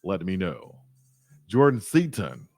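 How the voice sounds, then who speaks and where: A man's voice: low-pitched, slow pace, no room sound. Man chatting on a livestream. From Alabama. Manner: slangy, animated storytelling, reads chat aloud. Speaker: sports YouTube host. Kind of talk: livestream chat reading comments.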